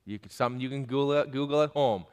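A man's voice: medium pitch, fast talker, clean tone. A male preacher giving an emphatic sermon, pressing his listeners with pointed questions. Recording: long hall reverb.

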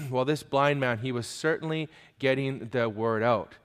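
A man's voice: mid-range voice, measured pace, clear, resonant tone. Emphatic preacher man in a reverberant hall. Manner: emphatic, asks the listeners pointed questions. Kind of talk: sermon.

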